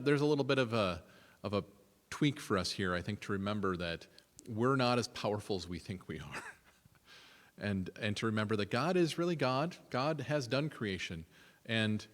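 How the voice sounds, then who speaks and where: A man's voice: lowish voice, in a large hall. A man leading an adult forum at a church, chatting with the group, asking them questions and reading scripture aloud. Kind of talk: conversational church adult-education talk. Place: church meeting room.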